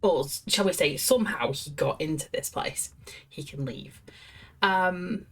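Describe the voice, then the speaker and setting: A woman's voice: sits low, expressive, unhurried, husky. A woman streamer giving chatty, amused commentary while playing a game. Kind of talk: live gameplay commentary.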